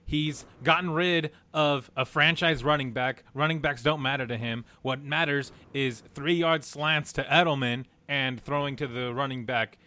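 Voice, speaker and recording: A man co-hosting a casual sports podcast, talking fast and tripping over his own words. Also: medium pitch, fairly even intonation, pushed and bright. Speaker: podcast co-host. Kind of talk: casual chat.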